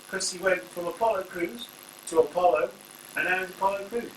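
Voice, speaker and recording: A wrestling reviewer hosting his channel talks fairly quickly in a high-pitched voice, rambling casually and cracking jokes as he goes. The mic is distant, the room echoes, and there's a faint hum.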